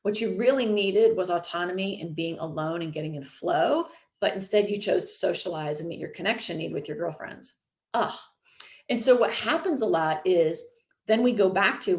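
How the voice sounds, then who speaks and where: A woman in her thirties, a host and coach, chats casually on a podcast, peppering her speech with "like" and "you know". Her voice sits on the low side with a darkish tone, animated and at a moderate pace, in a roomy-sounding space.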